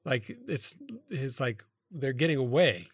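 A man co-hosting a podcast, retelling a story in a rambling, halting way full of fillers and self-corrections. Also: mid-range voice, animated, husky, no echo, clean studio sound. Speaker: podcast co-host. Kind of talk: casual storytelling chat.

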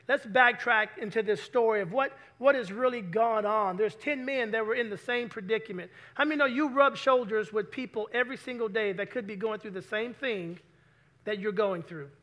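A man preaching a sermon to a congregation in a lively way, often putting questions to the listeners. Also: high voice, normal speed. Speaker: pastor.

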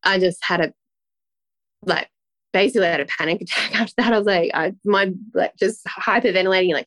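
A woman's voice: mid-range voice, a little fast, fairly bright tone, dry recording. A woman, a guest telling a personal story in a rambling, emotional way with many restarts. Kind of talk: casual interview talk.

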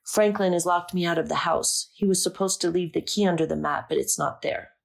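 A woman reading the part of a stern, worried mother with a thick Slavic accent and a deep, guttural, blunt way of talking. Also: fairly quick, vocal fry. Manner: blunt and suspicious.

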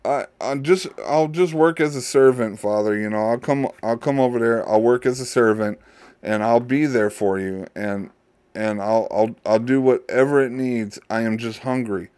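A man's voice: medium pitch, moderate pace, a little mellow, smooth, no room sound, natural voice. A man voicing a humbled, hungry young son who pleads and stammers. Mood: pleading.

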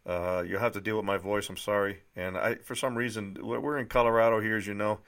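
A man's voice: fairly low pitch, steady tone, fairly quick, fairly bright tone, smooth. A man in his thirties from New Hampshire with a slightly nasal voice, rambling casually with fillers before reading his own book aloud. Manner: rambling, many fillers and restarts. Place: dry indoor room.

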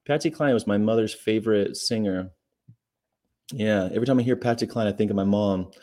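A man's voice: lowish voice, brisk, warm tone. Guy hosting his daily channel, just chatting loose and rambling, lots of ums and side comments. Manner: rambling, conversational, asides and fillers. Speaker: vegan channel host. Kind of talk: casual daily history chat.

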